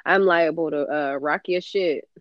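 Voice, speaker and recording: A woman from New Jersey with a Jersey accent, co-hosting a podcast, blunt and quick to back her partner up. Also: sits low, no echo, dull audio. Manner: affirming, frequent "right, right" backchannels, blunt. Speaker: podcast co-host. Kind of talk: casual podcast chat.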